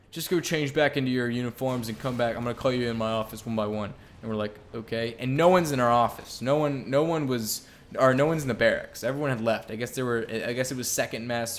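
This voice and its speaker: A young man talks straight to his viewers in a loose, rambling way, peppering his story with swearing and filler words. His voice sits at an ordinary middle pitch, and he comes across as candid and unguarded. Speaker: vlogger. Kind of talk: casual storytime vlog.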